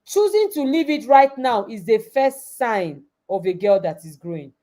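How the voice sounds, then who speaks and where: A woman's voice: on the high side, sing-song, moderate pace, dark tone. A woman giving an emphatic motivational talk as a coach to an online audience of girls, repeating her key phrases. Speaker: coach and summit speaker.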